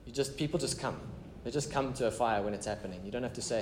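A man's voice: medium pitch, fast talker, few pauses, echoey room, a little hiss or hum. A man preaching a casual, conversational sermon as pastor, mixing prayer, scripture reading and chatty asides.

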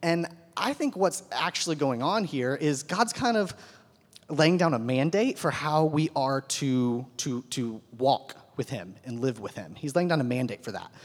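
A man's voice: mid-range voice, expressive, measured pace. A man giving a casual, conversational Bible lesson to a group, often checking in with his listeners. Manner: conversational, keeps asking "right?". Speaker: Bible teacher. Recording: long hall reverb.

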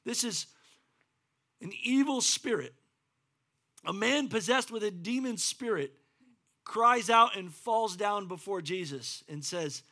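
A man preaching a sermon as pastor, animated and acting out the scripture quotes in varied voices. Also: sits high, slow. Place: church.

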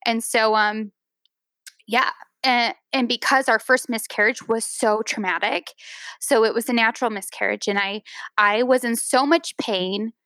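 Woman, thirties, podcast guest, teary, halting storyteller, dry sound. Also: on the high side, sharp tone, no room sound. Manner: tearful, halting, many restarts and fillers. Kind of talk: emotional personal story on a podcast.

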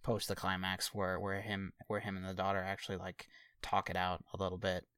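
A man's voice: low-pitched, completely flat delivery, brisk, fairly bright tone, clean tone, no echo, studio quality. A man co-hosting a casual film review podcast, speaking hesitantly and often repeating words. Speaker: podcast co-host.

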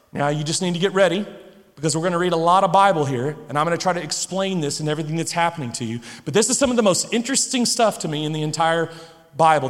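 A man with a high voice preaching in an animated, conversational way, breaking into loud shouts. His voice carries a long reverb from a large church hall. He sounds like a pastor in his thirties. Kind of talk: sermon.

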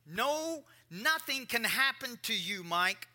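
A man preaching a conversational sermon, repeating lines and swinging between quiet and emphatic delivery. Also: extremely high pitch, very animated, slow. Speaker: pastor.

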